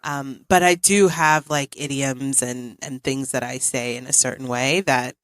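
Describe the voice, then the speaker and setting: A woman hosting a podcast in casual chat, talking about her kids with frequent laughs and lively quoted voices. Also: rumbling low, a little slow, no echo, clean studio sound. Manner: chatty, laughs often, animated when quoting her kids. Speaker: podcast host; mother and daycare provider.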